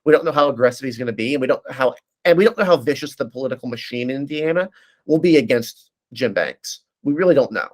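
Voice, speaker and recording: A man speaking as a guest analyst in a casual political discussion, breaking down races quickly and often restarting his sentences. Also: mid-range voice, animated, a little mellow. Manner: fast, analytical, frequent restarts.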